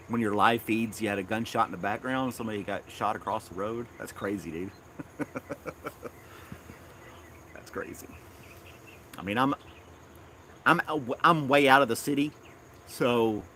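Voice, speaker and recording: Man, fairly low voice, rambling live-stream chat, frequent chuckles, backyard, faint insect hum behind. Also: sharp tone. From Tennessee. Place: outdoors in a backyard.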